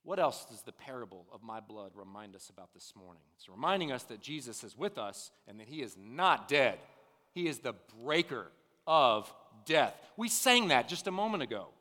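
A man in his thirties preaching a sermon, dropping to a hush and then building to loud, emphatic declarations. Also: mid-range voice, animated, moderate pace. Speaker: pastor. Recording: long reverb of a large hall.

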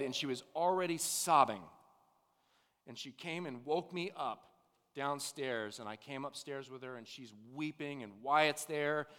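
Emphatic preacher in an echoing hall. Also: male voice, on the high side, smooth. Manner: swings from hushed to loud, emphatic preaching. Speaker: pastor. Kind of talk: sermon. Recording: long reverb of a large hall.

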